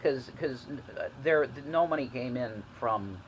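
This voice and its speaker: A man in a streamed clip making a halting, stumbling appeal to his viewers. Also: medium pitch, lively intonation, heavy background noise. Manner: halting, repeating himself.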